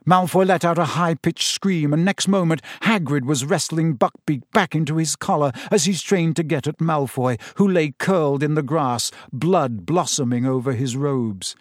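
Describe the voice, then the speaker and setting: A man reading a novel aloud as a steady, expressive audiobook narrator. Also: a little high, moderate pace, few pauses, dry recording, clean studio sound. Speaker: audiobook reader. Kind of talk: storybook narration.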